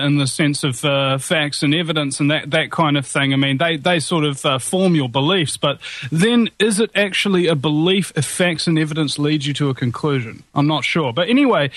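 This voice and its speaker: A man's voice: fairly high pitch, dry recording. Rambling New radio host man. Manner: joking, rambling with fillers and restarts. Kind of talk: casual talk radio chat.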